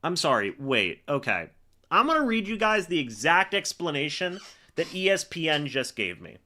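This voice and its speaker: Reacting on a live stream, a man calls out each play like a commentator in a bright, forceful, sing-song voice pitched on the high side. He talks at normal speed and rants at the referees in angry exasperation.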